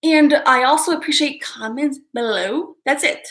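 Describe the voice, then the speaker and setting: A woman with a high, slightly bright voice hosts a casual livestream at a moderate pace. She chats directly to her viewers in a hyper, self-amused way, often laughing at herself.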